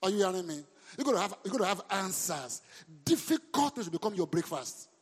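A man preaching a sermon as a pastor. He speaks with lively emphasis, throws questions at the congregation and breaks into sudden shouts. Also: high-pitched, brisk, husky. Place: church hall. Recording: long reverb of a large hall.

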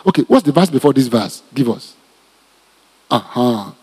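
A man with a Nigerian accent preaching a teaching sermon as pastor, animated and repetitive, with joking asides to the congregation. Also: mid-range voice, moderate pace, breathy edge, big-room sound. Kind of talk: teaching sermon, Bible study.

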